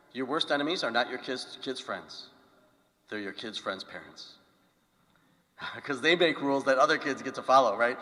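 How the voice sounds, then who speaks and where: Animated priest in a reverberant church. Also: male voice, fairly high pitch. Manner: animated storytelling with questions to the congregation. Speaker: pastor. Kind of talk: conversational homily.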